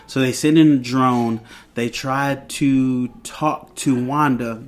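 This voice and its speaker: A man's voice: mid-range voice, fairly even intonation, slow. Rambling male TV reviewer. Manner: rambling, with many fillers and restarts. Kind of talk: casual episode recap.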